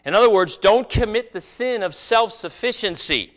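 A man's voice: high voice, lively intonation, moderate pace, fairly bright tone. A man preaching a sermon as pastor, asking rhetorical questions and stressing words dramatically. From United States.

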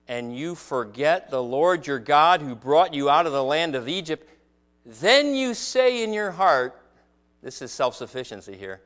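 A man's voice: on the high side, lively intonation, a little slow, a bit bright. A man preaching a sermon as pastor, asking rhetorical questions and stressing words dramatically. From United States.

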